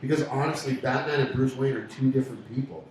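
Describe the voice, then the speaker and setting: Host, excitable rambler, recorded far off in a very echoey pub with faint chatter behind. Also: male voice, mid-range voice, fast, slight background noise. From Canada. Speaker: radio show host. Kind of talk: casual pub banter.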